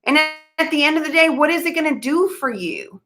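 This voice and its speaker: A young woman speaks straight to her viewers in a bright, forceful voice. She is earnest and emphatic, pressing each point, then loses her thread and laughs it off before pushing on. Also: high voice, lively intonation, a little fast. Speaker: vlogger giving money advice. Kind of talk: casual talk to camera.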